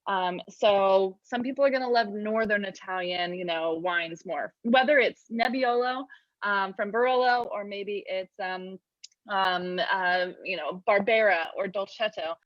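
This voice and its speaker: A woman talks about wine with a chatty, upbeat storytelling flow at an average pitch for a woman. Her voice comes through a dull, slightly muffled line with a dry sound and no room echo. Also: a little slow. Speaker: sommelier, guest. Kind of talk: casual video interview.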